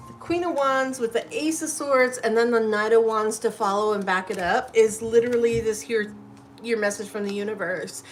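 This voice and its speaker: A woman's voice: on the high side, normal speed, a little hiss or hum. A woman hosting a live tarot reading, chatty and effusive, often tagging her lines with "literally" and "right?".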